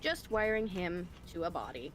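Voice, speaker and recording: A woman voicing an energetic, cheerful female brain in a jar, with a slightly robotic, upbeat and flirty delivery, heard over an online voice call. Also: on the low side, moderate pace, a little hiss or hum. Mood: chipper. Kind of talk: fan voicing of game dialogue. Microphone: voice call over the internet.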